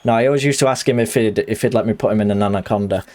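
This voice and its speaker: A man chatting excitably and jokily while streaming a fighting game live. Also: fairly low pitch, very fast. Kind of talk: live gaming commentary.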